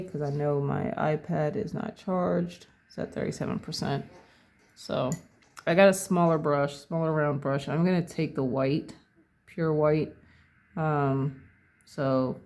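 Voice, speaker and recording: With a mid-range voice touched by vocal fry, a painting instructor talks calmly through each step of a tutorial, musing aloud and revising their phrasing as they go.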